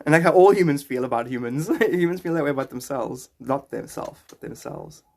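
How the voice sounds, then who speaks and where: A man's voice: on the high side, a little fast, creaky, darkish tone. A man streaming live and chatting casually with his viewers, rambling, joking and greeting them by name. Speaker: livestreamer.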